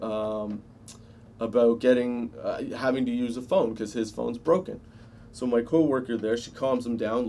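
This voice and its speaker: A man's voice: medium pitch, warm tone, slight background noise. A man telling a casual personal anecdote, swearing freely and chuckling often as he goes. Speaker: storyteller.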